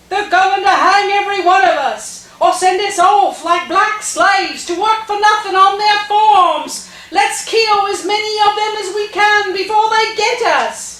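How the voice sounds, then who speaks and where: Actress as a gossipy common woman, high and sing-song, slow-spoken; echoey table-read room. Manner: animated storyteller, acts out shouts. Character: chatty lower-class woman, lively gossip. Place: theatre room. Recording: echoey room, mic far off, faint noise.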